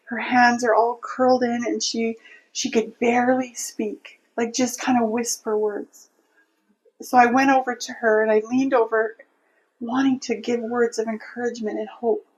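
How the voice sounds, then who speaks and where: A woman's voice: on the high side, level tone, normal speed, muffled recording. A woman telling a personal faith story in an interview, earnest and heartfelt, often restarting her sentences. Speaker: interview guest.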